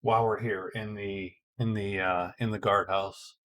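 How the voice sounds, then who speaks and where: A man's voice: on the low side, level tone, normal speed, a bit bright. A middle-aged man casually narrating his own board game turns, thinking aloud with frequent hesitations and restarts. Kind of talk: casual solo game commentary.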